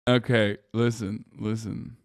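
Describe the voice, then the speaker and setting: A man's voice: on the low side, slow pace, gravelly, no room sound, studio quality. A man streaming live, chatting casually, swearing, laughing and mocking with sarcastic banter. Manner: swearing, laughing, animated outbursts; joking, sarcastic banter with chat. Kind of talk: casual livestream chat.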